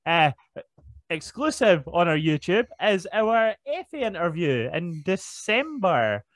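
A man's voice: high-pitched, very animated, slow, dry recording. A man hosting a wrestling podcast, casually plugging the show and joking, sometimes stumbling over details. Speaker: podcast host.

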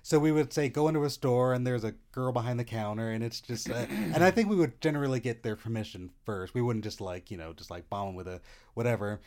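A man's voice: medium pitch, fast talker, darkish tone. A man hosting a podcast, telling a long self-deprecating story in casual chat with lots of restarts. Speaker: podcast host.

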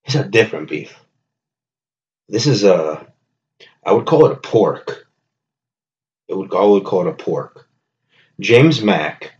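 A man's voice: lowish voice, sing-song, slow pace, long pauses, a little mellow, muffled recording. A man hosting a comedy podcast from his home kitchen, rambling with joking bravado and constant self-corrections. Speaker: podcast host.

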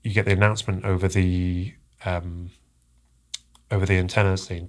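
A man telling a personal story as a podcast guest, halting and earnest, often repeating his words. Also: low voice, flat delivery. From England.

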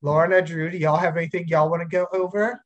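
A man's voice: on the high side, little pitch movement, fast, highs cut off. A man hosting a podcast in casual chat, musing with hesitant restarts. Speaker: podcast host.

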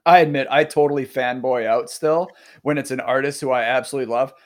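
A man's voice: mid-range voice, fast talker. A man hosting a podcast interview in a casual, chatty way, laughing easily and restarting his sentences. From Oklahoma. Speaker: podcast host.

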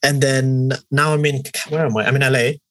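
A young man with a London accent, telling animated, swearing travel stories as a podcast co-host. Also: mid-range voice, moderate pace, no room sound, poor audio. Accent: London English. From England. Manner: animated, swearing, acts out voices in quotes. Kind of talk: casual storytelling chat.

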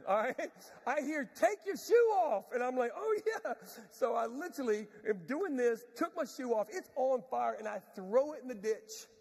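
A pastor telling a self-mocking story in a sermon, animated and laughing often. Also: male voice, very high voice. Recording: long reverb of a large hall.

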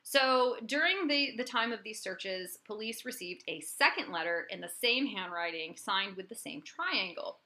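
A woman's voice: mid-range voice, moderate pace, hardly any pauses. A woman co-hosting a podcast, telling a true-crime case in a chatty, casual way. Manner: chatty and animated, with lots of fillers. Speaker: podcast co-host and storyteller.

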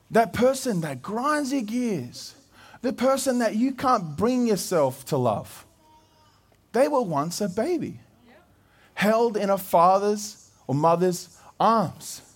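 This is an Australian pastor in his thirties, preaching with a fairly high, light voice. He tells his story in a lively, conversational way, tripping over his words and restarting as he goes. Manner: lively personal storytelling with frequent restarts and laughs. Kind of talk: sermon storytelling.

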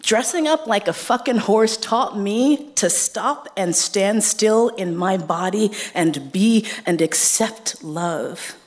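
A woman's voice: medium pitch, lively intonation, takes it slowly, hardly any pauses. A woman from New York City telling a true story on stage, frank and playful, swearing freely and laughing as she goes.

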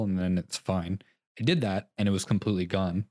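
A man's voice: sits low, little pitch movement, quick pace, a little mellow, no echo, clean studio sound. A young man co-hosting a podcast in casual chat, rambling through a story, laughing at himself often. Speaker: podcast co-host.

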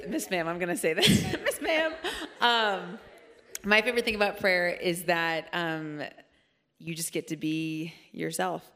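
A woman's voice: sits low, in a large hall. A woman hosting a casual faith conversation, reacting with laughter and then sharing her own thoughts.

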